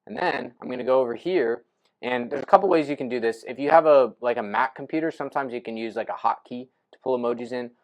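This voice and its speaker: A young adult man giving a casual screen-share lesson on writing posts, thinking aloud as he types and punctuating steps with "right?" and "boom.". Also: fast talker, lo-fi sound. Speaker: real estate investing coach.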